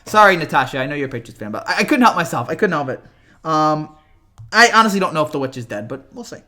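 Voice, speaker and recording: A young man chats his way through a live reaction stream, rambling, repeating himself and getting worked up. His voice sits high and sounds bright and sharp, and it cracks often. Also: sing-song, fast talker.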